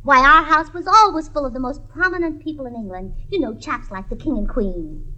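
A woman's voice: high voice, lively intonation, a little fast, very noisy. A woman playing a scatterbrained American woman faking a posh English manner, giggling through mangled British slang in 1940s radio comedy. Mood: giddy pretense. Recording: old radio broadcast recording.

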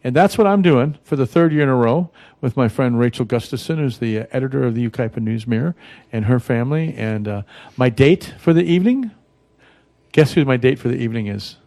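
A man chats on a radio talk show in a folksy, rambling manner, full of fillers and restarts. His voice sits at an ordinary pitch for a man. It sounds dry and close on a studio microphone. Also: lively intonation, a little fast, warm tone, no room sound.

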